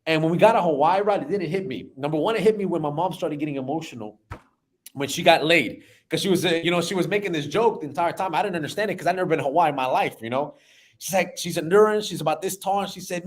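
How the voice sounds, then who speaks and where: A man in his thirties, a business owner telling an emotional personal story in an animated way, often repeating words. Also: on the high side, fast.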